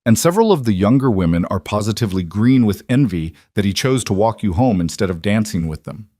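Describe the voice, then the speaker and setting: A man voicing a young woman teacher who gently and knowingly advises her friend. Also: fairly low pitch, animated, fairly quick, dry recording, studio quality. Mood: gently teasing.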